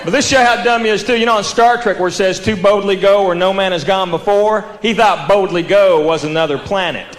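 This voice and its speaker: A man with a Southern US accent doing stand-up comedy, telling stories animatedly, stretching out vowels and acting out characters. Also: sits high. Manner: animated storytelling, drawn-out vowels, acts out characters. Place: live comedy venue with audience. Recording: roomy hall with audience noise. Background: crowd laughter.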